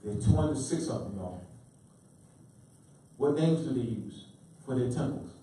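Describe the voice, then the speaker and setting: A man's voice: medium pitch, lively intonation, measured pace, warm tone, a little hiss or hum. A man lecturing to a live audience, quizzing them call-and-response style and repeating key words with emphasis. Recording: very echoey room, mic far off.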